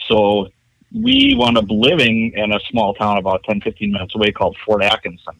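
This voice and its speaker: Guy in his 50s from chicago, rambly wry storyteller, bright tone. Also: lowish voice, lively intonation, moderate pace, dry recording, poor audio. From Chicago, USA. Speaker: podcast guest. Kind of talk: casual chat.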